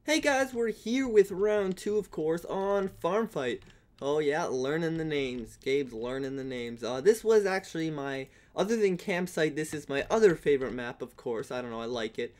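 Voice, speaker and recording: A chatty young man talks through a video game round by round, rambling along in a slightly high voice. Now and then he bursts into playful yelling. Keyboard typing clicks under his voice at a desk mic. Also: expressive, normal speed. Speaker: gaming YouTuber. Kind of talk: casual gameplay commentary.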